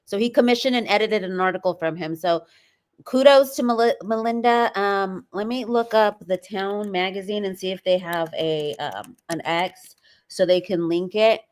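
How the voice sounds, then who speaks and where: A woman's voice: mid-range voice, moderate pace. Chatty woman co-hosting a commentary chat. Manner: chatty, many ums, reads documents aloud.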